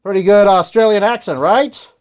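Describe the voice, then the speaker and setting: A man's voice: high-pitched, moderate pace. A man hosting a radio show, talking casually in a rambling, hesitant way and often correcting himself.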